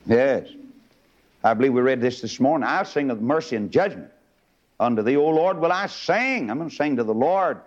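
A man preaching an old-time sermon, dropping to low murmurs and leaping to high shouting bursts. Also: animated, normal speed, muffled recording.

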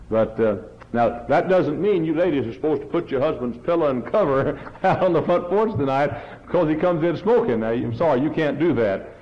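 A middle-aged man preaching a revival sermon, hammering one question over and over and climbing to loud peaks. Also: on the high side, expressive, normal speed. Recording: dull lo-fi church recording.

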